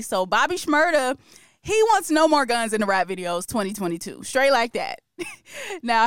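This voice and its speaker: A woman's voice: on the high side, clean tone, dry recording, clean studio sound. A woman hosting a podcast, chatting casually and with strong opinions about music news, laughing often. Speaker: podcast host.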